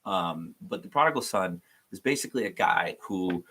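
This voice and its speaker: A man's voice: sits low, lively intonation, moderate pace, gravelly, fairly bright tone, breathy edge. A man hosting a casual livestream devotional, rambling and joking at his own expense, with plenty of ums and likes. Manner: rambling, joking, self-deprecating, many fillers. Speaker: youth devotional host.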